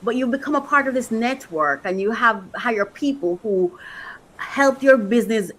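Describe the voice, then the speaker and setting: A woman's voice: fairly high pitch, lively intonation, normal speed, rough recording. A woman coach giving an emotional, motivational faith talk, repeating phrases for emphasis. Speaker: faith-based life coach.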